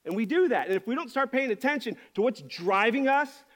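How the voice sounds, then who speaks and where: A man's voice: very high voice, expressive, a little fast, a bit bright. A man preaching as a pastor, speaking candidly and confessionally, often restarting his sentences as he searches for words. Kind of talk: candid sermon.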